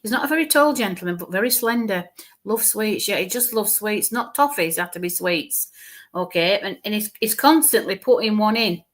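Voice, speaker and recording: A woman gives a live mediumship reading in a voice of middling pitch. She speaks haltingly, repeating and restarting words as she describes what she sees. Now and then she sinks into soft, quiet murmurs. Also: expressive.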